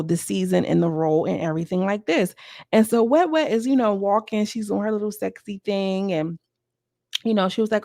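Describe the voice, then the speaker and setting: A woman's voice: fairly low pitch, creaky, a little mellow, dry recording, clean studio sound. A woman giving casual, gossipy commentary as a YouTuber reviewing a reality show. She is chatty and sassy and talks straight to her viewers.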